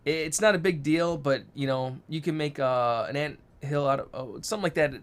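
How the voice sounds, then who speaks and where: A man co-hosting a casual live show, telling a family story in a brisk, animated way. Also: on the high side, clean tone. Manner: storytelling, acts out quotes, brisk. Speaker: co-host. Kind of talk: casual live-stream chat.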